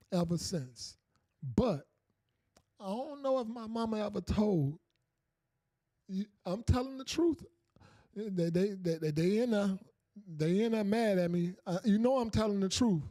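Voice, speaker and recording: A man's voice: high-pitched, dark tone, no room sound, clean studio sound. A man hosting a casual call-in podcast, talking loosely and repeating himself as he speaks straight to his viewers. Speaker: podcast host.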